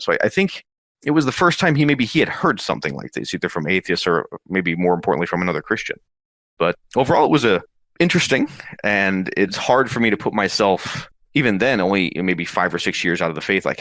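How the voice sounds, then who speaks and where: Here is a man with a low voice telling a story in a casual, lively way. His pitch rises and falls a lot as he brings his memories to life. The recording is dry and close. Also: dry recording. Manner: lively, animated retelling with acted quotes. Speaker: interview guest.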